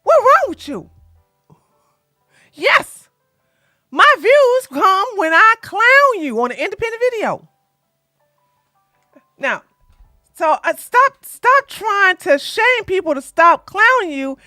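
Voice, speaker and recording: A woman doing drama commentary in a loud, animated, sassy way, often laughing and shouting. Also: very high-pitched, slow pace, pauses often, no echo, clean studio sound, faint music behind.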